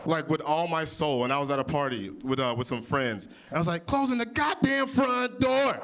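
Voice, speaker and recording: A man in his early thirties doing improvised stand-up comedy on audience topics, with big jumps in pitch when he quotes people. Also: fairly quick. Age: 30s. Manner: animated, jumps high for quoted voices. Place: comedy club stage. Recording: live venue with audience.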